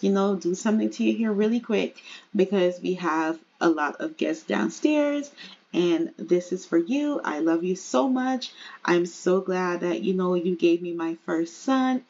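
A woman voicing a loving young husband character in a life-simulation game, speaking gently and coaxingly to his pregnant wife. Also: lowish voice, husky, dull audio, voice pushed down, full character voice. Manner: tender, coaxing.

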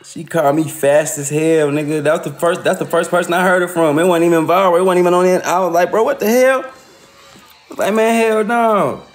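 A man's voice: a little high, flat delivery, fast talker, soft background music. A man ranting casually on a livestream, profane and laughing often.

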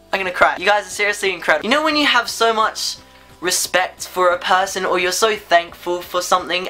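A sleepy young man talking to his viewers in a casual vlog monologue. He stutters and restarts often and rambles with excitable, gushing energy. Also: high-pitched. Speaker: YouTuber.

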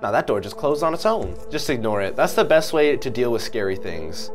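A young man giving casual, slangy reaction commentary on short videos, full of quick exclamations. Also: medium pitch, very animated, faint music behind.

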